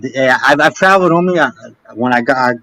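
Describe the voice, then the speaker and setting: A man's voice: mid-range voice, a little fast, sharp tone, poor audio. A man in his late thirties calling into a livestream, chatting casually in street slang and calling people "homie". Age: 30s. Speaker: livestream caller.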